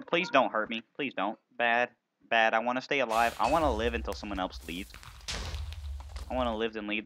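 A man playing a video game and commentating, excitable, playful, often yelping and exclaiming. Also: medium pitch, a little hiss or hum. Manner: silly, playful banter at other players. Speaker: gaming video host.

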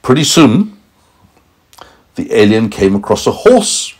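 A man improvising a playful bedtime story for a small child at home. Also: slow pace. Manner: animated, playful, pitch swooping for emphasis. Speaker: parent storyteller.

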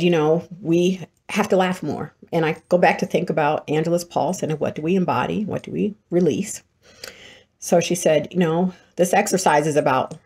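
A middle-aged woman hosting a show, telling a story in an animated way and often breaking into laughter. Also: on the low side. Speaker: host. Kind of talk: storytelling monologue.

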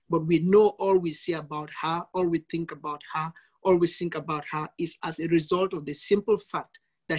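A man's voice: high-pitched, slightly rough. A male priest giving a teaching talk in an online session, emphatic and fond of repeated lists of examples.

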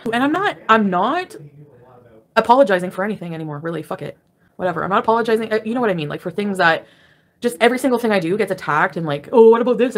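Woman, casual livestream rant from bed, combative and profane, talks quickly. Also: mid-range voice. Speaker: livestreamer ranting to viewers. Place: at home, lying in bed.

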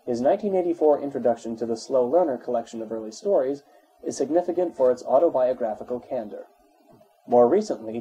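A man reading an encyclopedia article aloud in a measured, even way. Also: mid-range voice, husky, rough recording. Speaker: narrator.

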